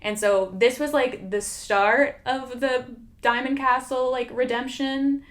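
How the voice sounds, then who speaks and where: A woman's voice: high voice, steady tone, slow. A woman YouTuber giving casual, self-deprecating commentary while reacting to her own old video, chatty with lots of fillers.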